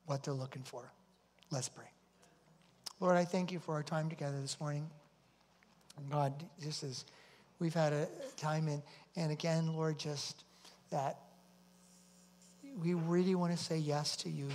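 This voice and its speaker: In a church sanctuary full of long hall reverb, a male pastor delivers an earnest, story-driven sermon and repeats himself. His voice is on the high side, steady and a little mellow. He speaks unhurriedly and pauses often.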